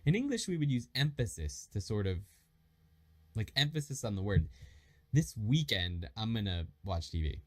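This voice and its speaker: Lively male learner explaining a lesson. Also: lowish voice. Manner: explains patiently, reads example phrases slowly. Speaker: Japanese learner teaching a lesson. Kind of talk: casual language lesson.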